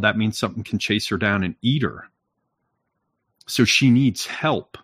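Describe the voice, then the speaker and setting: Blunt, swearing man holding forth in casual talk, low voice, dry close sound. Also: fairly bright tone, dry recording. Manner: blunt, profane, lecturing with frequent "right?". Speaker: podcast talker. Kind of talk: casual chat.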